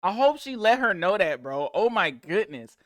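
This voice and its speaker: A man's voice: high voice, big pitch swings, moderate pace, a bit bright, no room sound. A man hosting a reaction video, chatting casually and saying "bro" a lot. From United States. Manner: slangy, says bro a lot.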